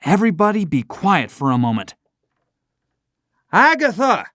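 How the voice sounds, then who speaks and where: A man's voice: sits high, lively intonation, moderate pace, no echo, studio quality, pitched above the performer's own voice. A narrator voicing an older male banker who speaks in a shaky, groaning voice in an audiobook story. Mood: shaken. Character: old male banker, proud, shaken. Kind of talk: audiobook character voice.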